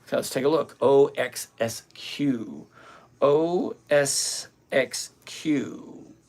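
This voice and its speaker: A man's voice: mid-range voice, takes it slowly, darkish tone. A middle-aged man hosting a live trading stream, bluntly thinking aloud and greeting viewers by name. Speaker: livestream host.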